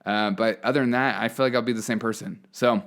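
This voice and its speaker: A man hosts his own show, rambling through his opinions in a casual monologue full of fillers and restarts. His voice is fairly low and fairly bright, with a steady tone and a quick pace.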